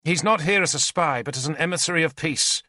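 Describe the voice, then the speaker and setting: A man voicing a calm, dutiful warrior envoy who speaks formally and pleads in an audiobook. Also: fairly high pitch, a little fast, dry recording, clean studio sound, voice pushed up. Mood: earnest.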